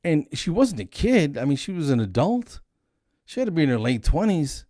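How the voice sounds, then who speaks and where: A man's voice: fairly high pitch, very animated, normal speed, dark tone, no echo, studio quality. A man in his forties rambling through a casual solo vlog monologue with self-deprecating jokes, filmed on a single static camera. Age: 40s. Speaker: comedian and dental hygienist.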